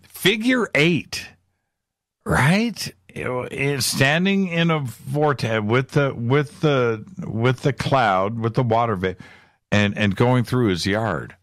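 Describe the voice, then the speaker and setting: A man hosting a radio talk show, speaking in a slow, drawn-out way with lively intonation. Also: medium pitch, no room sound, studio quality. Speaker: radio host.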